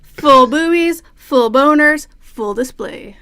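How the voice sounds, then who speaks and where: Woman co-host, casual episode recap, playful, swears freely, slightly high voice. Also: expressive, slow pace, fairly bright tone. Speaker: podcast co-host.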